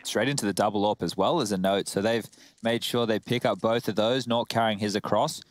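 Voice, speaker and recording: Man, low voice, esports caster, analytical, steady, dry humor. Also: fairly quick, no echo. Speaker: esports commentator. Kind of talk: live esports play-by-play and analysis.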